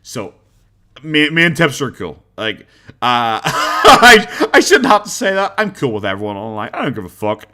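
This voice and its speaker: An Irish man talks casually to his livestream chat in a sharp, medium-pitched voice that swoops wildly up and down, moving at a normal pace. He curses freely, laughs a lot, and drifts toward and away from his desk microphone.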